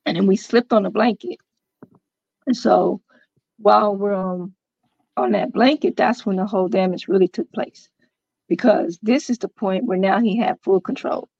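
A woman appearing as a podcast guest tells her own story loosely and conversationally, using many fillers and quoting dialogue. Her medium-pitched voice is creaky and darkish at a moderate pace, on a dry, muffled recording.

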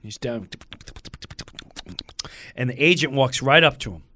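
A middle-aged man telling a story in a lively way, acting out the lines of the people in it. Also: medium pitch, measured pace, dry recording, studio quality. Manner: acts out other people's lines in quoted voices. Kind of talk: animated storytelling.

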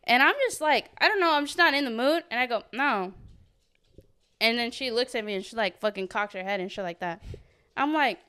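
A woman's voice: a little high, brisk, sharp tone, clean tone. A young woman in her twenties on a podcast, telling a profane story in casual chat and acting out the quotes. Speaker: podcast co-host.

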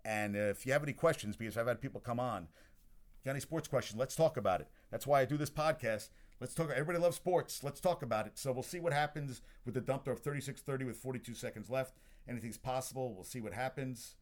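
A man's voice: mid-range voice, fast. A man hosting a sports podcast, chatting casually about games as he watches one, rambling with restarts and asides. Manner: chatty and excitable about scores. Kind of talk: casual sports talk while watching a game.

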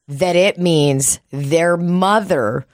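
A woman with a low voice co-hosts a podcast in loose, casual chat. She tells stories, swears freely and acts out what people said. The sound is dry and close, with no room behind it. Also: extremely slow, no echo. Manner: storytelling, swearing, acting out quotes. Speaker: podcast co-host.

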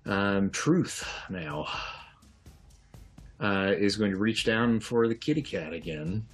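A man narrates a tabletop game as its game master, taking his time. His voice sits on the low side and he laughs easily. Faint music plays in the background. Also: expressive. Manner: unhurried, laughs often.

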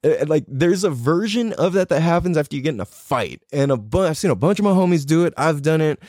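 A man's voice: fairly high pitch, expressive, brisk, darkish tone, no echo, clean studio sound. A young man telling a raw personal story in casual speech, swearing a lot, full of fillers and rising emotion. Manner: heavy swearing, filler-laden, emotional and intense.

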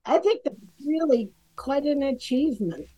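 High, lively woman co-host. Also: moderate pace, low-quality recording.

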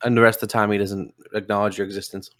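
A young man, a father and podcast co-host, chatting casually in a relaxed, rambling way. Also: fairly low pitch, rapid-fire, no room sound, clean studio sound. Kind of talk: casual chat.

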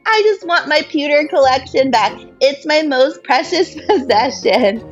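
A woman's voice: high voice, normal speed, muffled recording, soft background music, pitched above the performer's own voice, lightly acted. Woman doing a sniffling kid camper: nasal, self-pitying, whiny. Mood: sobbing. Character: whiny crying young boy camper.

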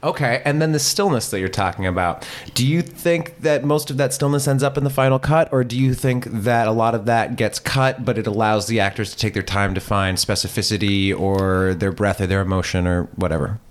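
A man's voice: fairly low pitch, fairly quick, hardly any pauses, dry recording. A man hosting a podcast, chatting and telling stories, joking along with his guest. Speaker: podcast host. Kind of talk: casual interview chat.

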